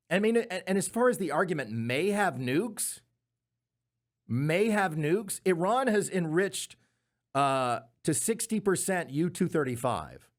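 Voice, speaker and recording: A man hosting a comedy commentary podcast, arguing his points with sarcastic, mocking asides. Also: fairly high pitch. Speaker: podcast host.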